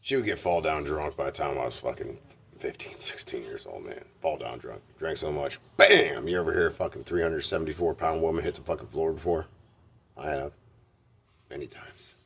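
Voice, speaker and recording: A man's voice: rumbling low, moderate pace, gravelly, fairly bright tone, slightly rough. A man telling candid personal stories in a blunt, heavily profane way. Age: adult. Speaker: vlogger.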